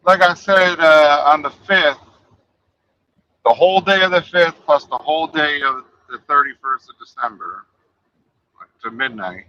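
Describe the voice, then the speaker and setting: A man's voice: a little high, a little slow, pushed and bright, dull audio. A man in a casual podcast chat, talking in a mumbling, profane way that often trails off.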